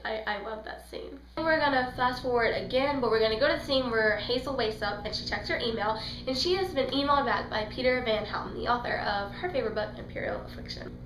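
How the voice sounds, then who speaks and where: A woman's voice: a little high, fairly bright tone, roomy sound, slight background noise, poor audio. A young woman giving a casual, gushing fangirl movie review, rambling and acting out the scenes she retells. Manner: gushing, rambling, acts out scenes in quoted voices. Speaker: book and film reviewer.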